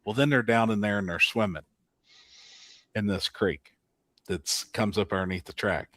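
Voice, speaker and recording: A man hosting a casual podcast, telling racing-weekend stories with lively acted-out quotes and frequent laughter. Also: on the low side, normal speed, dry recording. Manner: animated storyteller, laughs often, acts out quotes. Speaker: podcast host. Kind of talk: casual storytelling chat.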